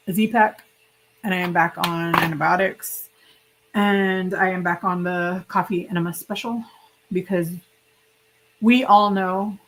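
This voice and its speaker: A woman's voice: mid-range voice, fairly bright tone, slight background noise, rough recording. A woman hosting a casual livestream, chatting and rambling directly to her viewers while sick and hiccuping. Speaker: livestream host.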